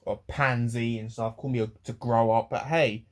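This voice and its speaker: An eighteen-year-old man rants to camera, rambling, with many pauses and restarts. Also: medium pitch. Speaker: vlogger. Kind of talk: ranting to camera.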